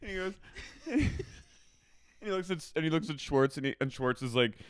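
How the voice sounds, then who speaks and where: A man's voice: on the high side, animated, normal speed, clean tone, dry recording, clean studio sound. A man co-hosting a comedy podcast, chatting casually and playfully, riffing and swearing freely. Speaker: podcast co-host.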